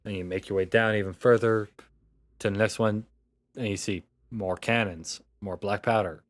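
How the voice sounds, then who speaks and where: A man narrating as game master of a tabletop game, relaxed and rambling with fillers. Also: fairly low pitch, normal speed, no echo.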